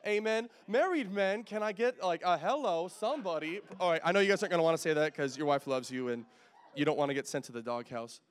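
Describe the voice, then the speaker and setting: A young adult man preaching a sermon in a church, joking with the congregation and swinging from quiet, intimate talk to loud bursts, sweating in the heat. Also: on the high side, fast. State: sweating in a hot room. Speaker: pastor. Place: church sanctuary.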